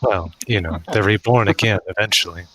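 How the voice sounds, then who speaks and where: A man's voice: fairly low pitch, fairly quick, a bit bright, rough recording. A man running a tabletop game as dungeon master, often laughing as he voices the townsfolk.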